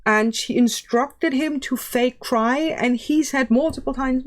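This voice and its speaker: Plain-spoken woman YouTube commentator. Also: sits high. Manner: measured, plain-spoken critique. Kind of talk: casual commentary.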